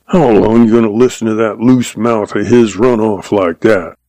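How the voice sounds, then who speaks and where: A man's voice: lowish voice, steady tone, moderate pace, dark tone, no room sound, natural voice. A man voicing a hot-tempered outlaw cowboy who sneers and raves. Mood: sneering. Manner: sneering, raving.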